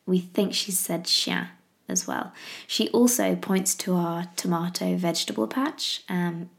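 A woman from England talks in a relaxed, rambling chat, restarting sentences and filling gaps with ums. Her voice sits fairly low and carries a noticeable gravelly fry. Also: unhurried. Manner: chatty, rambling with fillers and restarts. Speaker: parenting podcaster. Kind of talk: casual chat.

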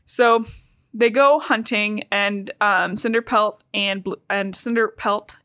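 A young woman hosting a podcast, recapping a book in casual chat, talking fast with lots of "like". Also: medium pitch, fairly even intonation, pushed and bright, dry recording. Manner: chatty, fast, frequent "like" and laughs. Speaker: podcast host.

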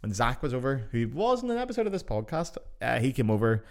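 Fast-talking man telling stories. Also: mid-range voice. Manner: swears freely, animated anecdotes. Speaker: podcast host. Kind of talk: casual storytelling.

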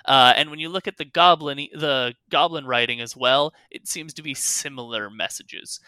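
A man narrating as game master in a tabletop game, halting with many fillers. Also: medium pitch, sharp tone, clear, resonant tone, no echo.

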